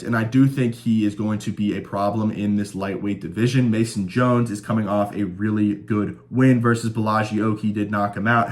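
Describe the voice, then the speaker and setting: Chatty, stat-rattling male fight picker. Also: fairly low pitch. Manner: chatty, stat-heavy, enthusiastic. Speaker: host of a fight-predictions channel. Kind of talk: casual fight-prediction commentary.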